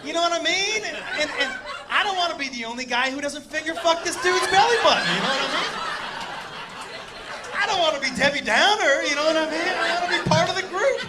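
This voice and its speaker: A male stand-up comedian telling a profane, animated story straight to the crowd from a stage. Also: extremely high pitch, quick pace, heavy background noise. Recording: live show with loud audience laughter.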